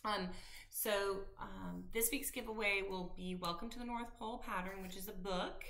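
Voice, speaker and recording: A woman's voice: mid-range voice, steady tone, normal speed, gravelly, fairly bright tone. A woman in her fifties chatting casually to camera about her stitching, rambling with many ums and restarts. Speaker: cross-stitch vlogger.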